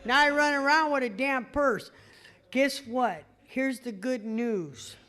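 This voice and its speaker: In a meeting hall, a middle-aged woman from California addresses an AA audience with a frank, profane testimony, laughing at her own expense. She speaks slowly in a high, slightly bright voice.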